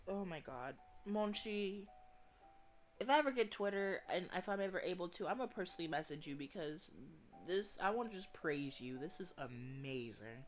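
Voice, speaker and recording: A woman reading a visual novel aloud during a playthrough, emotional and expressive, reacting with swearing. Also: lowish voice, moderate pace, faint music behind.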